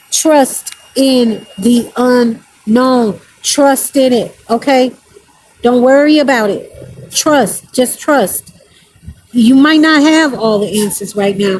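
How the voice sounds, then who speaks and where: Woman doing a card reading, slow and emphatic, kinda high voice, faint hum behind. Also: a little mellow, rough recording. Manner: emphatic, repeats points with "okay?" check-ins; reads card text aloud between direct encouragement. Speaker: oracle card reader. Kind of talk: spiritual card reading to viewers.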